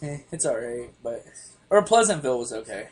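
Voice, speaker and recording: A man hosting a casual podcast chat, telling stories in an animated, profane way. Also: mid-range voice, fairly quick. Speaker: podcast host.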